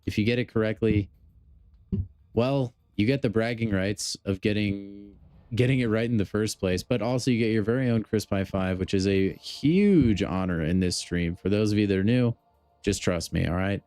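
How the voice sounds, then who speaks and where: A man's voice: on the low side, normal speed, a little mellow, dry recording. A man chatting casually on a gaming live stream, joking and talking straight to his chat. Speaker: game streamer.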